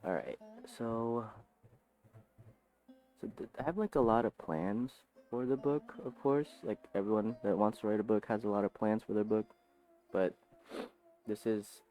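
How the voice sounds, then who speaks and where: A man with a very low voice talks casually at home right after waking up. He rambles and jumps between ideas, swearing now and then. Soft guitar music plays faintly behind him. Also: steady tone, normal speed. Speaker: aspiring author. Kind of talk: casual morning vlog, thinking aloud. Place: home, just woken up.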